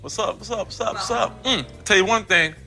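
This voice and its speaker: A swaggering, cocky grown man in a TV comedy clip. His voice is bright and pitched on the high side, with a cocky drawl. Faint music sits behind him. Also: a little fast, gravelly, exaggerated voice.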